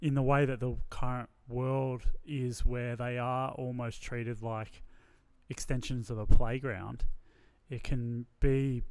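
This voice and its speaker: A man's voice: mid-range voice, little pitch movement, slow, darkish tone, clear, resonant tone. A man hosting a podcast, chatting thoughtfully and casually with restarts.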